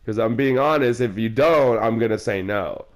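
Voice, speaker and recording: A man's voice: mid-range voice, normal speed. A young man rambling through a personal story in casual chat with a friend while gaming, swearing and calling him bro. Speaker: player chatting with a friend. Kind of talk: casual chat during a game.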